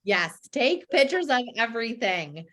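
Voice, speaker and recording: Upbeat woman host, higher voice. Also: very animated, unhurried, fairly bright tone. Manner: upbeat, chatty, many fillers. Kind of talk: casual chat on a live stream.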